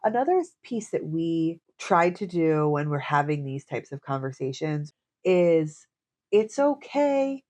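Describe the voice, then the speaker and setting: Candid mom co-hosting a podcast. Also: female voice, sits low, sing-song, unhurried, a little mellow. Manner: candid, swears casually. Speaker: podcast co-host. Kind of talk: casual chat.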